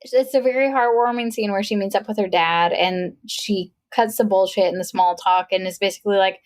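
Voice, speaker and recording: A woman co-hosting a podcast in casual, frank chat. She recaps a film with energy, swears freely and drops into quoted voices. Her pitch sits mid-range for a woman. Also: fairly even intonation, fairly quick, darkish tone, dry recording. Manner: chatty, retelling with acted quotes; profane, frank. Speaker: podcast co-host. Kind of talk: casual chat about a movie.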